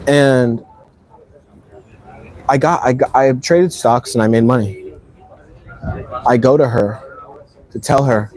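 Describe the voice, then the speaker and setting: A man's voice: mid-range voice, a little mellow, poor audio. A man vlogging, telling a personal story in a rambling, emphatic way full of slang. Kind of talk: casual storytelling.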